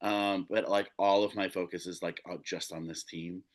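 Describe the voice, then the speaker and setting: Man, podcast guest, casual chat, enthusiastic, fast asides. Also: low-pitched, flat delivery. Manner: enthusiastic, quick asides with laughs.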